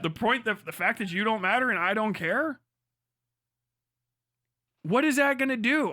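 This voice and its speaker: High-voiced, bright, profane male streamer. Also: no echo, studio quality. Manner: profane, heated and sarcastic. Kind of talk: livestream rant.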